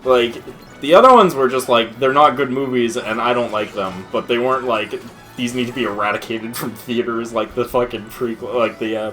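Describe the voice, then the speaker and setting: Brief: young guy, casual gaming banter, giggly and meandering, mid-pitched voice. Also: a bit bright. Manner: rambling, laughs often, swears casually. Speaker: let's play co-host.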